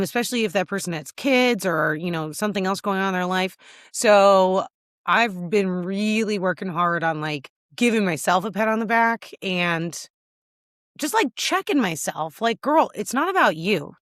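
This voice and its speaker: A woman's voice: medium pitch, expressive, moderate pace, fairly bright tone, dry recording, studio quality. Chatty woman podcast host, tearing up. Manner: chatty and candid, lots of "like" and "um". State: teary. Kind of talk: casual solo video check-in.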